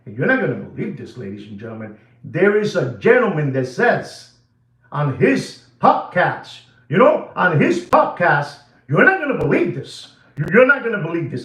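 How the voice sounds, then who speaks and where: A man's voice: fairly high pitch, normal speed, echoey room, rough recording. A man hosting a watch channel livestream, ranting in a repetitive, emphatic way to his viewers. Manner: repetitive, animated, emphatic, addresses ladies and gentlemen. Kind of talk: livestream rant.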